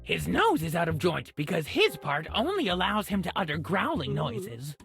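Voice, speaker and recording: A woman voicing a grumbling asylum inmate in a video game, slow and drawling. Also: on the low side, sing-song, a bit bright. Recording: game audio with faint music.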